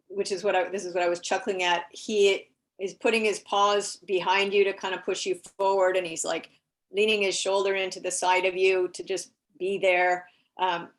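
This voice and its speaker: A woman doing an animal communication reading at an online event, chatty and often chuckling as she talks. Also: mid-range voice. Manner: light laughter, chatty, frequent fillers.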